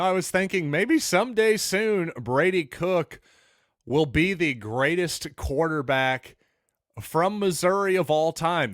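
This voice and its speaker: A man's voice: fairly high pitch, dry recording, clean studio sound. A man hosting a solo sports podcast, talking in an opinionated, conversational and wry way.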